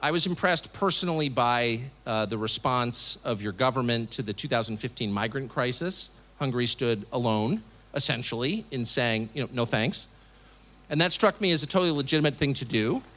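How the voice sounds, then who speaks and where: Sardonic, lively American man speaking. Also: medium pitch, moderate pace. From United States. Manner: sardonic, mocking asides; animated, emphatic delivery. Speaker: television host giving a speech. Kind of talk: public speech to a live audience. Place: event hall before an audience.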